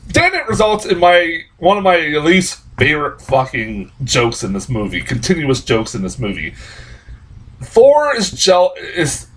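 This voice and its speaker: A man's voice: sits high, a bit bright, slight background noise, rough recording. A young man reviewing a movie in a casual, exasperated rant, cursing often and rambling through restarts and laughs. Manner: exasperated profane ranting.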